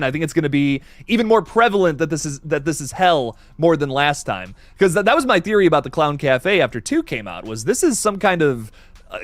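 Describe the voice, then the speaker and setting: A man hosting a live horror-movie stream, excitable, laughing often and reading viewer comments aloud. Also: a little high, no echo. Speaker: livestream host.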